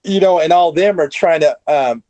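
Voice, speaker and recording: Guest spot: higher-pitched man, excitable recap, dry sound. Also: normal speed, dry recording, lo-fi sound. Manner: excitable recapping, lots of fillers. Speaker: podcast guest. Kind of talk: casual chat.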